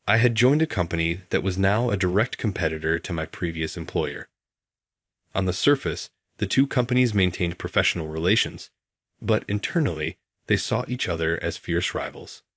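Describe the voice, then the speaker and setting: A man tells a first-person story in a steady, measured narration. His voice sits very low and has a husky edge. The recording is dry and close. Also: no room sound.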